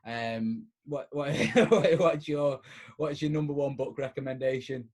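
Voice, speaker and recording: A man hosting a casual podcast, speaking softly and relaxed, often trailing off. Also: mid-range voice, a little slow. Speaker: podcast host.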